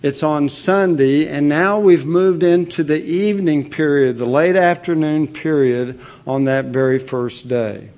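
A man preaching a sermon as pastor, measured and earnest, with the odd filler as he explains a passage. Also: fairly high pitch, darkish tone.

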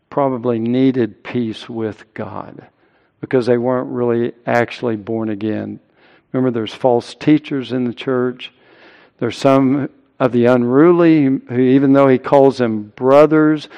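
Male pastor, mid-pitched, measured unhurried delivery, church hall echo. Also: creaky, a little mellow. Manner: slow, deliberate preaching with swells of emphasis. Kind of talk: sermon. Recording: long hall reverb.

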